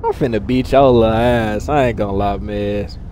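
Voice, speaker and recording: A man hosting a gaming channel, giving live gameplay commentary full of animated trash talk and loud outbursts. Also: on the low side, moderate pace, heavy background noise.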